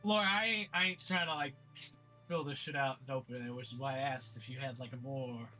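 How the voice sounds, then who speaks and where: A man's voice: medium pitch, steady tone, fairly quick, bright, forceful tone, faint music behind, voice pushed down, lightly acted. A man voicing his character, a brash, hot-tempered street brawler who rants in long, profane, rambling bursts. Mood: grumbling.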